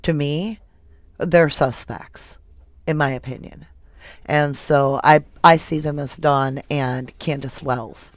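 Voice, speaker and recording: A woman's voice: deep voice, dry recording, clean studio sound. A woman hosting a casual true crime livestream, reading viewer comments aloud and giving blunt opinions. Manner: opinionated, blunt, reads out chat messages. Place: home.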